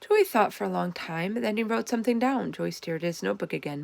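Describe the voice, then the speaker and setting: A woman reading a children's chapter book aloud, with expressive, animated storytelling. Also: medium pitch, a little fast, gravelly, dry recording. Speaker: storybook reader.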